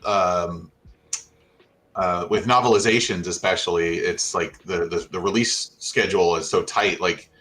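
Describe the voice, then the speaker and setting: A man's voice: deep voice, steady tone, unhurried, a bit bright, a little hiss or hum. A man on a casual fan discussion panel, talking in a thoughtful, easygoing way. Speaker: guest co-host.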